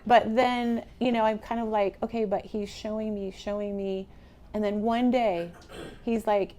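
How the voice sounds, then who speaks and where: Middle-aged woman, motivational speaker, talks straight to her audience, casual and lively, faint room hum behind her. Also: mid-range voice, unhurried. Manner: conversational, animated, addresses the audience directly. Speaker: real estate speaker. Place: meeting room with a live audience.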